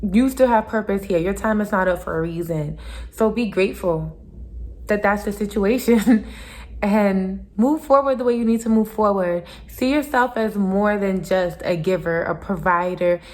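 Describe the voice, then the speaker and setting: Young adult woman, vlogger, earnest and emphatic casual motivational talk, mid-range pitch. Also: normal speed, darkish tone. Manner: earnest, repetitive, emphatic with little laughs.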